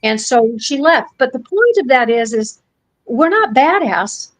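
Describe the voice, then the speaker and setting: American woman, podcast co-host, high bright voice recorded close and dry, plain-spoken storyteller. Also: sing-song, measured pace, dry recording, low-quality recording. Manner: blunt, folksy, acts out quoted voices. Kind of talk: casual storytelling chat.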